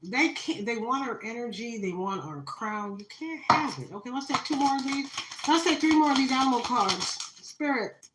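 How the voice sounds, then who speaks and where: A woman's voice: a little high, animated, normal speed, roomy sound, heavy background noise. A woman giving a dramatic tarot reading on a live stream, talking straight to her viewers with plenty of fillers. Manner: dramatic, spiritual, talks to viewers, many fillers. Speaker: tarot reader.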